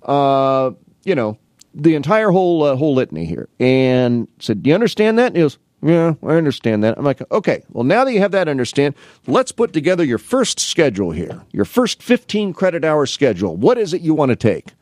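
A middle-aged man from the Midwest United States tells casual stories about advising students. He talks with lively rises and falls in pitch and acts out both sides of each exchange. His voice sounds dry and close, with no room sound. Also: brisk, no room sound. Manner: rambling anecdotes with restarts, acting out both sides of conversations. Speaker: college academic advisor. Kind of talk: casual storytelling monologue.

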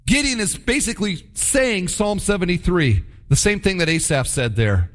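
A man's voice: high-pitched, moderate pace. Emphatic male preacher. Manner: emphatic, animated storytelling. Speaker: pastor. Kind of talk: sermon.

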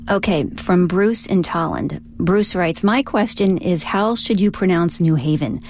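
Low-voiced female radio news anchor. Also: unhurried, a little mellow. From Virginia. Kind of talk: reading listener questions on air.

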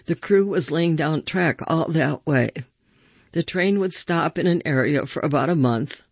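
A man voicing an older mother who reminisces softly and wistfully. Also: on the high side, creaky, slightly rough, no echo, muffled recording, exaggerated voice. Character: older mother, gentle and nostalgic.

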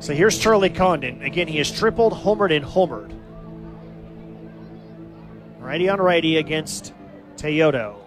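A man calling live baseball play-by-play as the team's announcer, giving steady, stat-heavy recaps of the game. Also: on the high side, unhurried, pauses often, music in the background.

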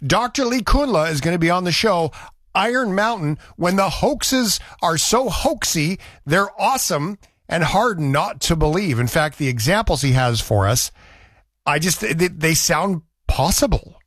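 A man's voice: high-pitched, lively intonation, a little slow, fairly bright tone, no echo. A man from Canada hosting a radio show, chatting in a rambling, conversational way. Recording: dry studio sound.

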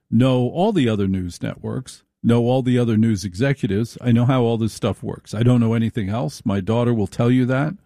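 Late night radio guy, mellow dark voice, dry close sound, preachy and folksy. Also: mid-range voice, dry recording. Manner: folksy, emphatic, varies his inflection. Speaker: radio talk show host.

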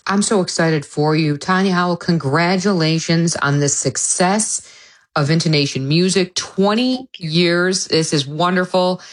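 Low-voiced woman interviewer. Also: unhurried. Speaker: radio interviewer. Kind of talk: radio interview.

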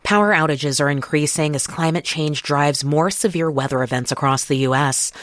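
A man anchoring a radio news program, introducing reports in a smooth, even delivery. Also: fairly high pitch, no echo, studio quality.

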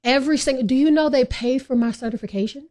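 A woman counselor from California, a guest on a radio interview, lively and chatty and quick to laugh. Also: sits high. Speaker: guest, drug and alcohol counselor.

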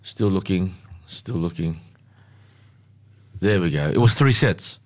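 Aussie man, radio sports host, lowish voice, chatty, halting with fillers. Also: animated, a little mellow. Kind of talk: casual sports chat.

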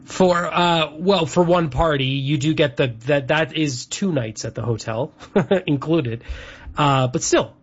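A man's voice: a little high, unhurried, husky. A man from Canada co-hosting a show, rambling chattily through lists with lots of fillers. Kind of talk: casual chat. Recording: dull lo-fi sound.

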